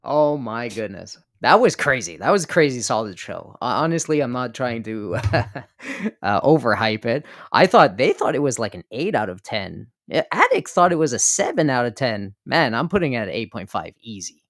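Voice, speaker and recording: Excitable man with lively pitch. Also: normal speed, dry recording, studio quality. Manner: excitable, hype, laughing bursts. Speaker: guest content creator. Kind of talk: casual live stream chat.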